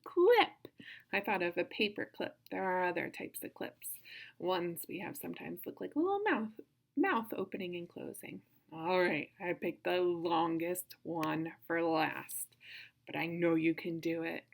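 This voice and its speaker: A woman teaching a kindergarten phonics lesson, sounding out words slowly in an encouraging sing-song way. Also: lowish voice, animated, creaky. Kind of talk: phonics lesson for young children.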